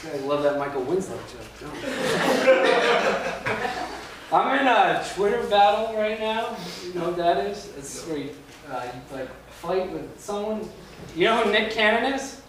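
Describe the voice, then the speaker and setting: A man's voice: high-pitched, big pitch swings, a little slow. A young man doing a rambling stand-up comedy set in a club, loose and full of filler words. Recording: echoey club from a distance with noise.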